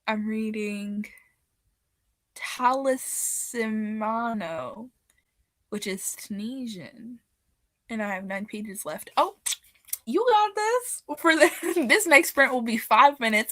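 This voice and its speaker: A young woman hosting a casual live reading stream, chatting and reading comments, laughing often and getting loud and excited. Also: mid-range voice, no room sound. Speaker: livestream host.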